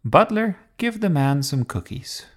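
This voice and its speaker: A man putting on a haughty high queen. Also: sing-song, a little slow. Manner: lofty, commanding, prim. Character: haughty bossy queen, imperious and fussy.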